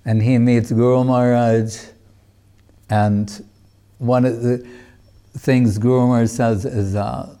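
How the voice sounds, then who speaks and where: A man's voice: medium pitch, flat delivery, slow pace, long pauses, warm tone, clear, resonant tone. A man giving a religious class, telling a story in a loose, digressive way with lots of casual filler phrases. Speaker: spiritual teacher giving a class.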